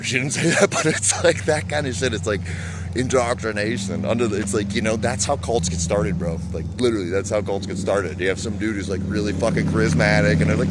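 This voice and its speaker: A man's voice: mid-range voice, fairly quick, background noise. A man vlogging in a casual, rambling rant, swearing often and calling the listener "bro" and "dude".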